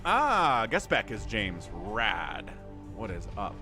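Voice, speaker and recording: A man's voice: on the low side, huge pitch swings, takes it slowly. A man hosting a live game stream, chatting with viewers in an upbeat, chatty way and thanking them by name. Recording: music playing behind.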